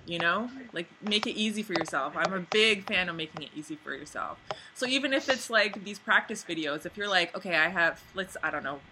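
A woman coaching people on camera in a casual webinar, chatty with lots of "like", acting out little scenes in a high voice. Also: animated, fairly quick, noisy background. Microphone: computer microphone on a webinar.

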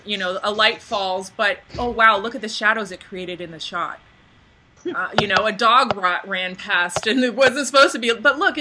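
Webinar coach, woman, bright tone, faint hiss behind, chatty and animated. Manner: chatty, lots of "like", acts out little scenes in a high voice. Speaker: on-camera coach. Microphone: computer microphone on a webinar.

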